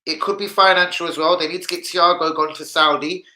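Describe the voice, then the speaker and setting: A man's voice: on the high side, fairly even intonation, brisk, sharp tone, poor audio. A young man, hosting a casual football livestream, rambling and swearing in street slang. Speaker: football channel host.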